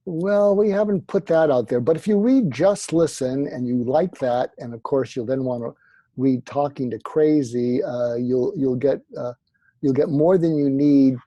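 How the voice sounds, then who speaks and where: Man, guest expert, lively storyteller, mellow husky voice, dry close sound. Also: medium pitch, a little slow, no echo, lo-fi sound. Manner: animated anecdotal storyteller, acts out quotes. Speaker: psychiatrist guest. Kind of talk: storytelling interview answers.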